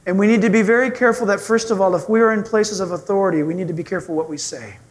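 A male pastor preaching a sermon in a church sanctuary, telling stories in an animated, humorous way. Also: sits high, very fast.

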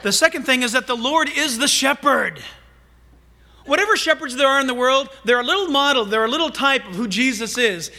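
A pastor preaches with a strikingly high, bright, ringing voice. He talks in an animated, humorous way, breaking off into playful asides to his listeners. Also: a little fast. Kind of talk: sermon.

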